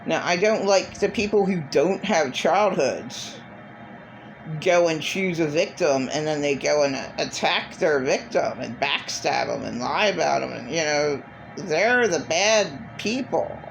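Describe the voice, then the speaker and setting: A woman's voice: deep voice, lively intonation, measured pace, creaky, a little hiss or hum, rough recording. A middle-aged woman vlogging in a blunt, profane, repetitive rant. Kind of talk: casual monologue.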